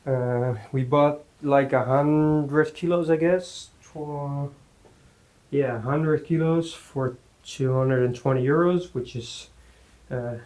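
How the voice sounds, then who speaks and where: Slow-talking man. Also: mid-range voice, steady tone, darkish tone, low-quality recording. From Netherlands. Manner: halting, many fillers, talks between sets. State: out of breath. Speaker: fitness vlogger. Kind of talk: casual workout talk. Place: home gym.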